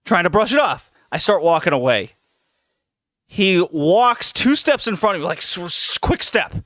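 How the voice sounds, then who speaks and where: A man hosting a podcast, telling a story in a casual, animated way with lots of laughs and restarts. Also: high voice, moderate pace, no echo, studio quality. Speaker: podcast host.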